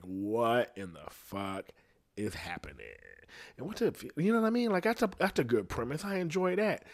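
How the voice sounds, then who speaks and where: A man hosting a podcast, rambling through a casual comedic monologue full of swearing. He keeps checking in with the listener and swings between loud and quiet phrases. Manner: rambling and profane, constantly asking "you know what I'm saying"; animated, pitch and loudness swinging widely between phrases. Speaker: podcast host.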